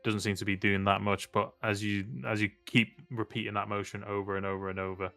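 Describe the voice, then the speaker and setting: A man running a tabletop game as game master, relaxed and laughing, with many fillers. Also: fairly low pitch, brisk, no room sound, faint music behind.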